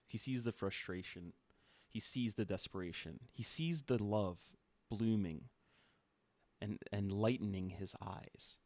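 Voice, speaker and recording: A man's voice: fairly low pitch, darkish tone, no room sound. A man hosting a stream, improvising a second-person story in a dry, playful way.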